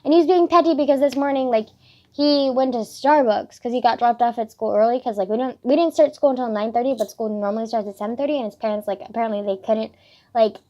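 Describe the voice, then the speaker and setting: A teenage girl with a slightly high voice tells a rambling school-day story to her camera. She talks in a chatty, filler-heavy way and swears freely. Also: fast talker, mellow, highs cut off. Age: teens. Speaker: vlogger.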